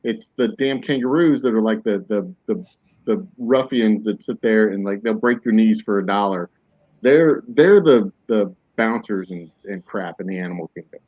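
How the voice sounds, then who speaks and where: A man's voice: lowish voice, moderate pace. A man hosting a podcast in casual chat, rambling through jokey, mock-serious tangents. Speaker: podcast host. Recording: dull lo-fi, dry.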